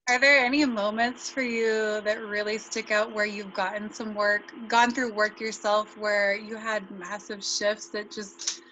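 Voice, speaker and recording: A woman's voice: mid-range voice, level tone, unhurried, few pauses, pushed and bright, lo-fi sound, a little hiss or hum. A woman hosting a podcast, asking curious, encouraging interview questions. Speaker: podcast host.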